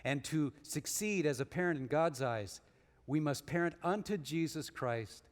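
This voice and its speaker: Guest preacher, male, high-pitched, swings from forceful points to soft storytelling in a reverberant sanctuary. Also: animated, unhurried. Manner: swings from emphatic rises to hushed storytelling. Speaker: guest speaker. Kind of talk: sermon. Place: church sanctuary. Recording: long reverb of a large hall.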